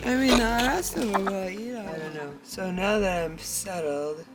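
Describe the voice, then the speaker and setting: Over background music, this woman speaks at a measured pace with a medium pitch and barely pauses. It's a relaxed farm-life vlog filmed in and around a trailer in a barn, where she talks to the camera, laughs frequently, and coos at her chickens.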